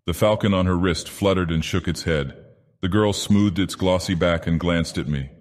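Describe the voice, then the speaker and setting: A man doing a deep, ancient god-villain narrating. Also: normal speed, a little mellow, lightly acted. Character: ancient godlike male villain, grand and menacing. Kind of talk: audiobook narration in character. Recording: long reverb added.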